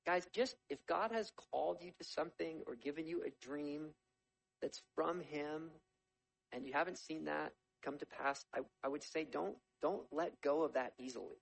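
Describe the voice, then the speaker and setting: A man preaching a sermon, reading scripture aloud and explaining it in a conversational, animated storytelling way. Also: fairly high pitch, normal speed, gravelly, rough recording. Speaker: pastor.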